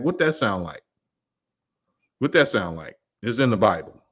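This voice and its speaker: Male host with AAVE, low-pitched, animated and combative on a casual livestream. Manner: animated, argumentative, laughs often, rhetorical questions.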